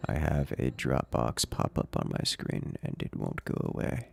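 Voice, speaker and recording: A very deep, gravelly voice with lively intonation belongs to an American gamer with an urban accent, speaking at normal speed. He chats playfully and jokes with his audience while streaming a game.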